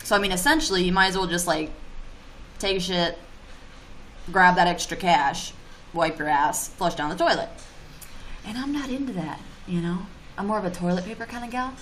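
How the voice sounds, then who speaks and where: Woman venting on a livestream, low-ish voice, cusses a lot, faint hiss behind her. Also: moderate pace, pauses often. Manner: blunt, swears freely, animated ranting. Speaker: YouTuber streaming live. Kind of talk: casual livestream chat reading comments.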